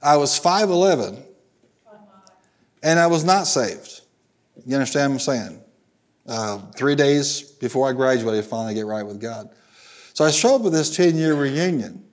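A man's voice: medium pitch, expressive, moderate pace, long pauses. A middle-aged man, a pastor from Southern Illinois, preaching to a congregation, telling stories in a folksy way and calling for the congregation to answer him. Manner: folksy storytelling, calls for congregation responses. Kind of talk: sermon with stories. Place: church sanctuary.

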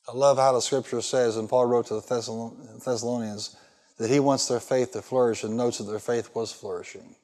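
Man preaching a sermon, mid-pitched voice, punchy call-and-response questions, big church reverb. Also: moderate pace, a little mellow. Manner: emphatic, asks the congregation fill-in questions. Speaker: pastor. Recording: long hall reverb.

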